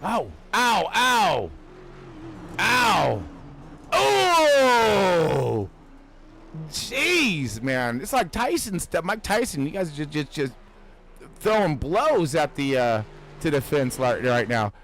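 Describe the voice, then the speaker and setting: A man giving casual, jokey sim racing commentary who gets excitable and shouts when cars crash. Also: fairly high pitch, very slow, creaky, slight background noise, low-quality recording. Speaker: race commentator.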